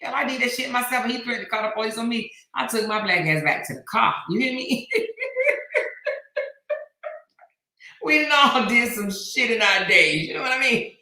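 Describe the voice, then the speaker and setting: Loud, laughing woman host in an echoey room. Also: a little high, lively intonation, brisk, few pauses. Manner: loud, laughing, teasing, swearing. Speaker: commentary channel host. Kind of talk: casual gossip chat reading live comments.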